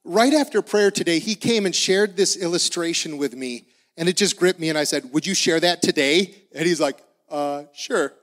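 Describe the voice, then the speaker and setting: A man's voice: a little high, normal speed, a bit bright, big-room sound. A man in his forties preaching a sermon in an earnest, conversational way. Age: 40s. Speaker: pastor.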